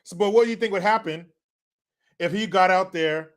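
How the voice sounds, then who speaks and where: A man delivering a profane political commentary rant, his voice sitting fairly high for a man. He mocks his targets and laughs often between jabs. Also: moderate pace. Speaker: show host.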